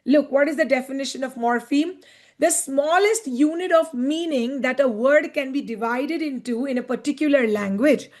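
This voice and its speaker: A middle-aged woman, teaching linguistics step by step, repeating key terms and checking in with "right?". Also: sits high. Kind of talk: classroom-style lecture.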